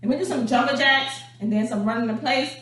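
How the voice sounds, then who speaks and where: An energetic woman coaches a home stretch workout, chatty and out of breath, voice pitched a little high. The sound is very echoey and taken from well away from the mic, with a faint hum underneath. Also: quick pace, recorded from a distance. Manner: energetic, chatty, calls viewers honey and darling. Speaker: dance instructor.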